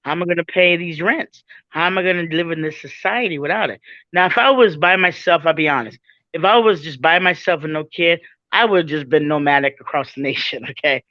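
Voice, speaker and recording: Expressive woman, bright, dull dry recording. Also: low-pitched, a little fast, no room sound. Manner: expressive, laughs often, says "man". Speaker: podcast guest. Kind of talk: emotional personal storytelling.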